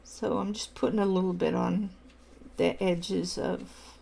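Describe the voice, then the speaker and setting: A woman's voice: lowish voice, level tone, measured pace, gravelly, dark tone, husky. A middle-aged woman, hosting a casual coloring livestream and chatting with viewers as she works. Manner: chatty, reads and answers viewer comments while coloring. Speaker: livestream host.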